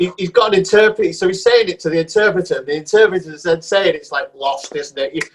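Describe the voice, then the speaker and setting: A man's voice: high voice, quick pace, noisy background. A man hosting a podcast, asking casual questions and repeating words as he starts. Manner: hesitant, repeats words when starting sentences. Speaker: podcast host.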